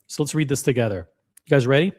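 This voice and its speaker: Reading a forum post aloud for his live stream audience, a man talks fast in a medium-pitched, slightly mellow voice. He comments bluntly and profanely, repeats himself, and speaks right to chat.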